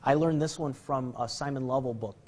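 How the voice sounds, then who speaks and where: A magic instructor runs a casual card-trick tutorial, rambling, joking, poking fun at himself and chuckling often. His mid-range voice is fairly quick with a darkish tone.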